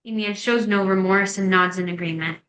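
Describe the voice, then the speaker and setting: Woman reading script directions, bright and echoey. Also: mid-range voice, fairly even intonation, a little fast. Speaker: narrator. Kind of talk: reading screenplay action lines. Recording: echoey room.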